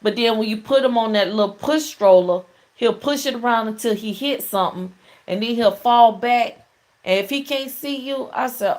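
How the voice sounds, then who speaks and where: A woman's voice: fairly high pitch, normal speed. A middle-aged woman hosting a casual call-in show, telling stories in a chatty way and laughing often. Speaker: talk show host.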